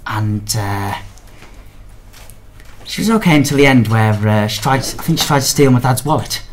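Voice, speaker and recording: A man's voice: medium pitch, lively intonation, moderate pace. A man, a co-host telling a story in a rambling, hesitant, wry way. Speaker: co-host, journalist. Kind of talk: casual storytelling. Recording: noticeable background noise.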